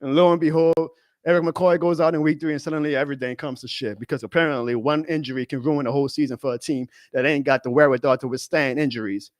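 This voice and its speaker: Male stream host, high voice, heated profane rant, dead-dry sound. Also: steady tone, fast talker, dry recording. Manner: profane, heated ranting, swings to shouting. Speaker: fan show host.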